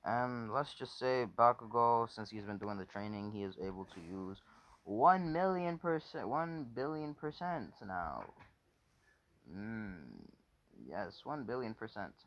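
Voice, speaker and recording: A man's voice: on the low side, animated, a little slow, a bit bright. A man casually telling a made-up story off the cuff, rambling, correcting himself often and swearing. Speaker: fan fiction storyteller.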